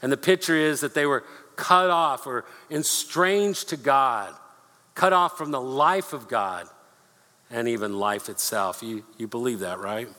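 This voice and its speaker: A man preaching a sermon, earnest and repeating himself, slowing down to read scripture aloud. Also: medium pitch, bright, forceful tone. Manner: earnest, repeats words, slows for scripture reading. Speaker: pastor. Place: church sanctuary. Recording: long hall reverb.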